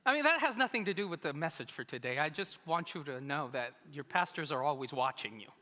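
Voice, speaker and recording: A man's voice: on the high side, expressive, fast talker, sharp tone. A man preaching a sermon as pastor, telling a personal story with humorous, self-mocking asides. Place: church sanctuary. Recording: reverberant church hall.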